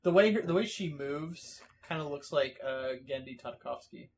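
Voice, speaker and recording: A man co-hosting a podcast in casual chat, joking and bursting into loud laughs. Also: on the high side, moderate pace, gravelly, a little hiss or hum. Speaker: podcast co-host.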